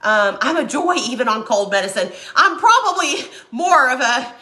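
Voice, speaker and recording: A woman's voice: sits high, very animated, normal speed, pushed and bright, roomy sound. A woman who has a cold, chatting casually and laughing as she crafts and answers viewer comments. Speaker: craft livestream host. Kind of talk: casual chat while crafting.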